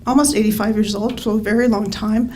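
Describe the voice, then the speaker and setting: A woman's voice: mid-range voice, steady tone, fairly quick, darkish tone, low-quality recording. A middle-aged woman telling a true story at a live storytelling event into a stage microphone, wry and often breaking into laughter.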